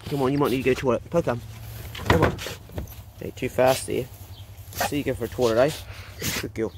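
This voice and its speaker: A man's voice: mid-range voice, a little fast, noisy background. A middle-aged man with a New Zealand accent, a farmer and pig hunter who chats casually on his vlog and coaxes his dogs fondly outdoors on the farm. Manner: talks fondly and coaxingly to his dogs, relaxed and chatty. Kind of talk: casual vlog talk while tending dogs. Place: outdoors on a rural farm by the dog kennels.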